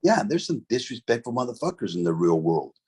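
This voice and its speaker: A man's voice: mid-range voice, big pitch swings, fairly quick, warm tone, breathy edge. A middle-aged man, telling a story from his past in a casual, profane, streetwise way, full of "bro" and "right?". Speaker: interview guest, former convict.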